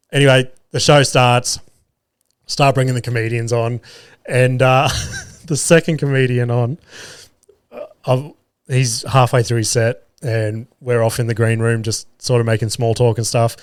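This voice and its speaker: A man's voice: medium pitch, moderate pace, clean tone, dry recording, studio quality. A man, a podcast host and comedy MC, casually telling stories and swearing freely as he acts out what people said. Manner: swears freely, animated retelling with quoted voices. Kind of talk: casual storytelling chat.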